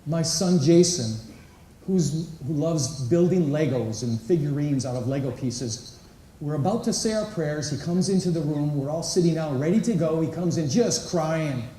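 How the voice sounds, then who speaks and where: A man with a fairly high but mellow voice speaks to a live audience in a large conference hall. He asks the crowd questions and acts out little quotes as he talks. The sound is roomy and distant, as if the mic sits well away from him. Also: expressive, moderate pace. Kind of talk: inspirational talk to a live audience. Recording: echoey hall, voice picked up from a distance.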